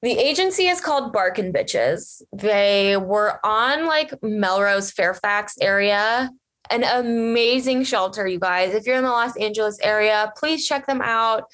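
A young woman talks straight to her viewers in a casual, gushing rush, with fillers in nearly every phrase. Her voice sits at an ordinary middle pitch for a woman. She sounds like a vlogger telling a personal story. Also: expressive, fairly bright tone. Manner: chatty, fast and gushing, many fillers. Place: lives in Los Angeles area.

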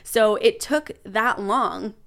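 A young adult woman, a podcast guest, telling a personal story in casual chat, animated, laughing and swearing now and then. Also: mid-range voice, slow, gravelly.

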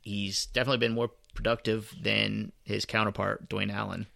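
A man's voice: lowish voice, flat delivery, normal speed, creaky, pushed and bright, no echo. A man co-hosting a sports podcast, laid-back with dry humor in casual chat. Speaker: podcast co-host.

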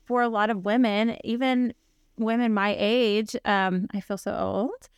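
A woman's voice: mid-range voice, steady tone, unhurried, clear, resonant tone, dry recording, clean studio sound. A woman in her forties, a fitness coach hosting a podcast, talking casually and rambling with many fillers.

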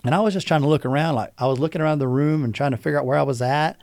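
A man's voice: a little high, racing, darkish tone, dry recording, studio quality. A man guest on a podcast, telling an emotional personal story in an earnest way and acting out the voices of the people he quotes.

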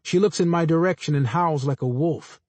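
A man narrates first-person literary fiction in a measured, understated voice. His pitch sits a little above average for a man, and the recording is close and dry, with no room echo. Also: darkish tone. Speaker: audiobook narrator.

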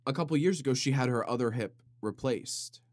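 Here a podcast host with a medium-pitched, darkish voice talks briskly in a casual, jokey monologue, rambling and breaking off mid-thought to set up gags with mock drama. His studio microphone is run through a compressor, and there's no echo.

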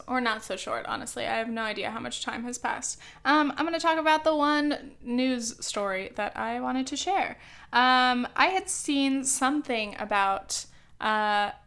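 Brief: young woman vlogger, slightly high voice, casual sarcastic movie chat on camera. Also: fairly bright tone. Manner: chatty, sarcastic, lots of filler words. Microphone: camera mic.

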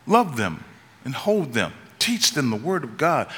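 A man preaching a sermon, telling stories and rising to urgent, high-pitched climaxes. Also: sing-song, a little slow, fairly bright tone. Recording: long reverb of a large hall.

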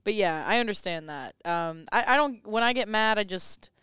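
A woman's voice: medium pitch, lively intonation, normal speed, fairly bright tone, clean tone, no echo. A teenage girl in her middle range talks easily on a homemade podcast. She is laid-back, laughs often and lets her thoughts trail off. Her voice is very clean and close, with a dry sound. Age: teens. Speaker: podcast co-host. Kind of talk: casual chat. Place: classroom.

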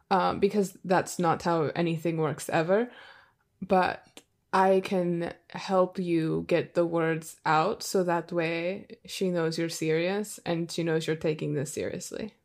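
A woman's voice: on the low side, measured pace, darkish tone. Firm, plainspoken woman player. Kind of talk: in-character tabletop play.

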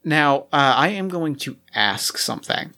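A man's voice: fairly high pitch, lively intonation, pushed and bright. A man narrating as game master of a tabletop role-playing game, often restarting his sentences. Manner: halting, with many restarts.

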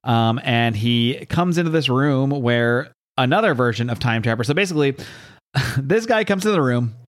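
A man hosting a podcast, recapping a comic book with irreverent humor and plenty of swearing. He speaks at an ordinary pitch, laughs often and rambles, correcting himself now and then. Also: expressive, moderate pace. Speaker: podcast host.

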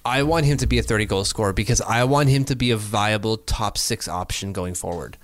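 A man co-hosting a casual sports podcast, animated and quick to laugh, thinking out loud as he talks. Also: on the low side. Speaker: podcast co-host.

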